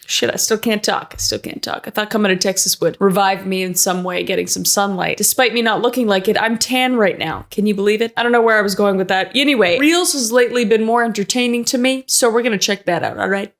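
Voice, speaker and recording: A young woman hosting a casual reaction vlog from her home office, playful and jokey, talking straight to viewers with quick asides. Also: medium pitch. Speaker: YouTube host. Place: home office being set up. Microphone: single camera setup.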